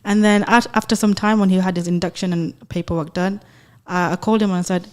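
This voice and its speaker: A woman who works as an engineer in construction, a guest on a radio interview, telling lively anecdotes with frequent laughter. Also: fairly low pitch, fast talker.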